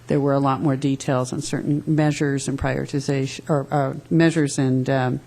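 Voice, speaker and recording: A woman on agency staff briefing a council at a public meeting, halting and often correcting herself as she explains the material. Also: extremely low pitch, level tone, warm tone. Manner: halting, frequent restarts and self-corrections.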